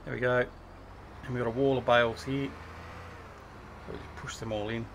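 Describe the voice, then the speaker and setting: A man's voice: mid-range voice, little pitch movement, moderate pace, background noise. A man hosting a casual gaming livestream, chatting and teasing his guests while he plays. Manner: chatty, teasing, thinking aloud while playing. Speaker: livestream host.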